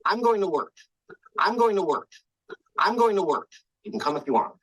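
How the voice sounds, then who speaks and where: An actor playing an evasive man offering a friend a ride in a sitcom, with a husky voice. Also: high-pitched, big pitch swings, moderate pace, a bit bright, full character voice, poor audio. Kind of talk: sitcom acting.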